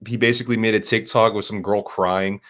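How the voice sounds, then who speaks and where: A man's voice: fairly low pitch, fairly even intonation, fairly quick, a bit bright. A man in casual podcast chat, rambling and emphatic, swearing a lot with frequent restarts.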